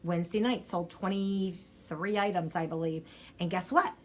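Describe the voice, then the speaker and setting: An older woman giving a chatty, energetic live coaching talk straight to her viewers, her throat scratchy and needing clearing. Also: lowish voice, moderate pace. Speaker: sales coach.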